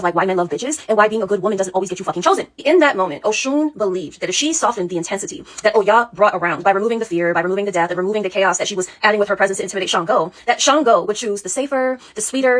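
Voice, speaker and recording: A woman spiritual coach talks in a casual, blunt and sassy monologue, swearing freely. Her words race out at great speed. Her voice sits somewhat high and has a husky edge. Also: a bit bright.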